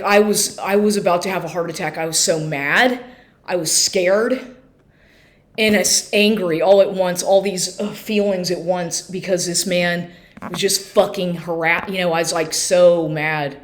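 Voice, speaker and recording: A woman recording herself on a phone at home, telling an emotional personal story in an agitated, halting way with many restarts and swearing. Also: fairly low pitch, fairly even intonation. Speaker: vlogger. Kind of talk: emotional personal account to camera. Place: at home, inside and on the porch.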